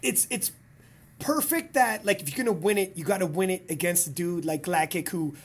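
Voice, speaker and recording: A podcast host in a casual interview, talking in a chatty, excited way with quick restarts. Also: medium pitch, breathy edge.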